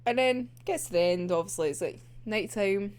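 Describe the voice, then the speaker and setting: A woman's voice: mid-range voice, moderate pace, a little mellow, clean tone. A young woman casually recapping a manga plot, giggling often and swearing freely as she tells it. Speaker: manga reviewer.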